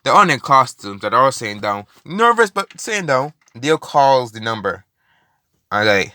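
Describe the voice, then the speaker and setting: A man's voice: mid-range voice, lively intonation, normal speed, pushed and bright, smooth, dry recording, studio quality. Rambling young man telling a story. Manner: rambling, many fillers and restarts, swears. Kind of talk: casual improvised storytelling.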